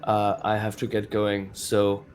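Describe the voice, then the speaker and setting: A man speaking as a player with a dry, flat delivery. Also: lowish voice, unhurried. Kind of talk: casual chat.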